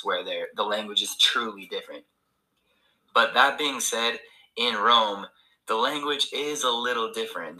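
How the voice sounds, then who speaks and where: Casting: man, low-pitched but very bright tone, casual explainer presenter. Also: low-quality recording. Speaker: language video presenter. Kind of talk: explainer video clip.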